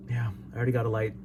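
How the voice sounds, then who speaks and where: A man's voice: mid-range voice, noisy background. Laid-back man reading comments aloud. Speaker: host reading viewer comments. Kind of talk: casual solo commentary.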